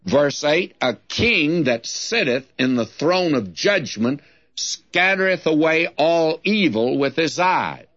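A man's voice: on the high side, lively intonation, a bit bright. An older man teaching through Bible verses, reading scripture aloud and explaining it plainly. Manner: slow, deliberate, reads scripture then explains it. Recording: dull lo-fi sermon recording.

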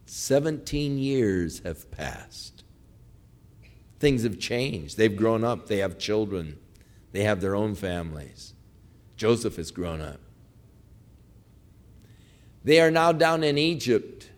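A man's voice: on the low side, animated, slow pace, pauses often. A male preacher retelling a story in a sermon, conversational and emphatic.

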